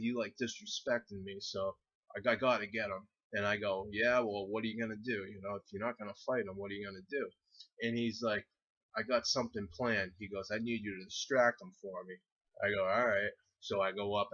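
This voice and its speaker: Low-voiced young man telling a rowdy story. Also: fairly bright tone, husky. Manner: rambling, profane, laughs through the story. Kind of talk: casual storytime vlog. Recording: dull lo-fi recording.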